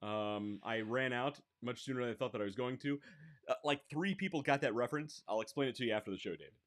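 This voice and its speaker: A man's voice: mid-range voice, fast. A man co-hosting a casual podcast chat, joking around playfully. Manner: joking, playful, lively delivery. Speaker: podcast co-host.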